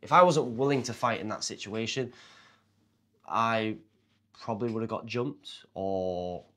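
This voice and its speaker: A young man speaks in a somewhat low register. He tells a personal story casually to camera. He brings it to life by acting out the voices of the people involved. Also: measured pace. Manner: animated retelling, acting out quoted people. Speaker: martial arts fighter and confidence coach.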